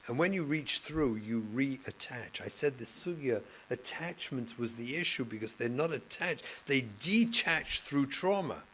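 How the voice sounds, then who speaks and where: A man, a rabbi and therapist, giving a passionate lecture to educators, moving from loud emphasis to hushed speech. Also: medium pitch, expressive, unhurried, hardly any pauses, husky, rough recording. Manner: passionate, acts out classroom scenes, swings between loud and hushed.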